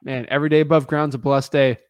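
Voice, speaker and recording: A man's voice: mid-range voice, fast, smooth, no room sound, clean studio sound. A man hosting a live stream as a real estate coach, chatting casually with lots of fillers and restarts. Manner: energetic, rambling, many fillers and restarts.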